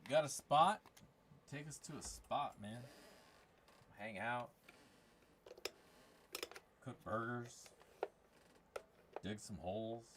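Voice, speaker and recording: A man's voice: mid-range voice, lively intonation, takes it slowly, pauses often, fairly bright tone, a little hiss or hum. A man hosting a gold prospecting giveaway stream, chatting casually with crude, rambling jokes. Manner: crude, rambling, jokey banter. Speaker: channel host running a giveaway. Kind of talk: casual livestream chat.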